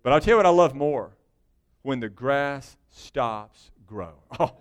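A man preaching a sermon in a folksy, joking way, his voice swinging between loud bursts and hushed asides. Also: medium pitch, animated, a little slow, clear, resonant tone. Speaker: pastor.

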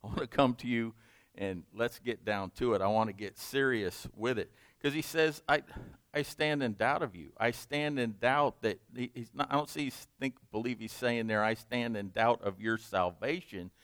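A man leading a Bible study, reading scripture slowly and explaining it in a conversational way. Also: mid-range voice, a bit bright, dry recording. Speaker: Bible teacher.

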